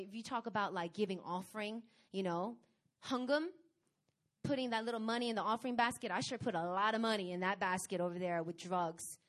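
A woman preaching a sermon, reading scripture and telling her own testimony, with emphatic bursts that drop to quiet, casual asides. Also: medium pitch. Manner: casual, conversational retelling with fillers.

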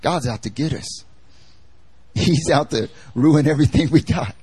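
Chatty, emphatic pastor, dry sound. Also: male voice, fairly high pitch, a little slow, darkish tone, husky, no echo. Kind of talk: conversational sermon. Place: church service.

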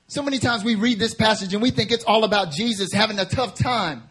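Male preacher, high husky voice, fervent sermon delivery that swells into passionate appeals. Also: expressive, moderate pace. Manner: builds from quiet teaching to fervent, rising preaching. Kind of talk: sermon at a prayer meeting.

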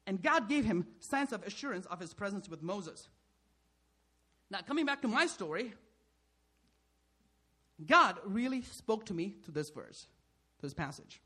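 Brief: husky, high-voiced male pastor, sermon, animated and questioning. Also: measured pace, long pauses. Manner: rhetorical questions, frequent "right?", emphatic swings in loudness.

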